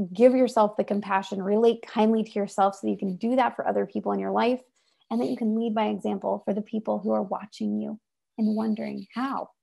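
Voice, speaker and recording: A woman giving an inspirational talk over a video call, animated and emphatic. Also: mid-range voice, vocal fry. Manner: animated and emphatic, acts out voices. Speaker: presenter.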